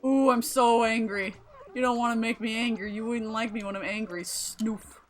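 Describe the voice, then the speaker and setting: A woman's voice: fairly high pitch, fairly even intonation, moderate pace, close to an everyday voice. A woman reading out the lines of an angry female animal villager in a video game, in a huffy tone.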